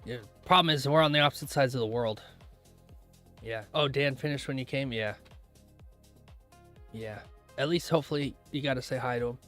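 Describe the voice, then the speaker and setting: A young man chatting casually with his viewers while live streaming trades, rambling, laughing often and clearing his throat. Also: mid-range voice, moderate pace, pauses often, a bit bright, faint music behind. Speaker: livestreaming futures trader.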